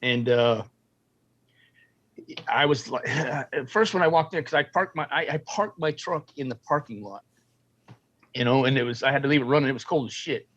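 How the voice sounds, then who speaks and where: A man's voice: mid-range voice, normal speed, pauses often, dull audio. Profane storytelling ex-Marine man. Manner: profane, animated storyteller acting out quotes. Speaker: guest, former Marine and film military advisor. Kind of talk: casual storytelling interview.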